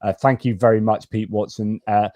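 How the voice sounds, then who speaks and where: A man's voice: lowish voice, little pitch movement, moderate pace, dark tone, no echo. A man hosting a livestream, chatting casually with many fillers and restarts as he reads donor messages and asks questions. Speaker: livestream host.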